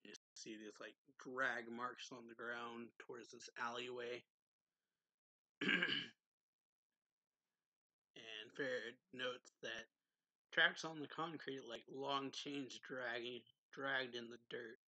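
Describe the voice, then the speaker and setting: A man's voice: medium pitch, fairly even intonation, takes it slowly, pauses often, bright, forceful tone, dry recording, low-quality recording. A young man and regular show host giving a casual, rambling manga chapter recap, filling his sentences with "like.". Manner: rambling, heavy use of "like". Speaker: manga reviewer.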